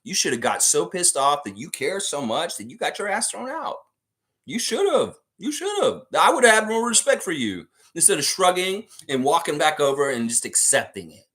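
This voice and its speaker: A man's voice: fairly high pitch, very animated, brisk, few pauses, sharp tone. Man ranting heatedly with a swooping voice. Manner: profane, heated ranting with rhetorical questions. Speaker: sports channel host. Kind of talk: livestream sports commentary rant.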